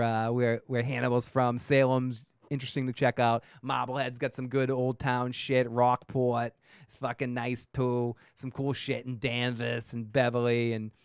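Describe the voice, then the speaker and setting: A man's voice: medium pitch, clear, resonant tone, no room sound, clean studio sound. A man with a Boston accent from Massachusetts, hosting a podcast and reviewing a TV episode in loose, profane, rambling chat that keeps trailing off and restarting. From Massachusetts, USA. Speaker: podcast host reviewing a TV show.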